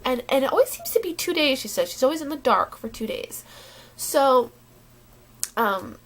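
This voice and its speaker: A woman talking casually to her camera, rambling and halting with many restarts, sounding uneasy and worried. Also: high-pitched, very animated. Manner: unsettled and worried. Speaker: vlogger.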